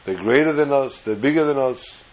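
A man's voice: medium pitch, lively intonation, normal speed, darkish tone, rough recording. A man giving an emphatic, lecturing sermon-style scripture lesson as a religious teacher.

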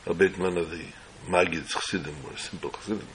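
A man telling an inspirational religious story slowly, in short measured phrases. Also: low voice, slight background noise, poor audio.

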